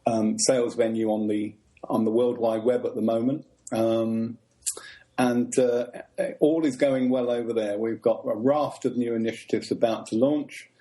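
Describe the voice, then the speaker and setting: Brief: man from the UK, interview guest, mellow dark tone, dry wit, relaxed. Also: mid-range voice, moderate pace. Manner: dry humor, relaxed, hesitant ums. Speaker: podcast guest. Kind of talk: interview answers.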